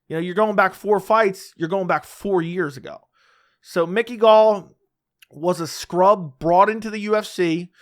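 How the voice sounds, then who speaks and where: A man's voice: sits high, fairly bright tone. A man giving casual solo predictions for upcoming fights, blunt and opinionated with a sarcastic edge.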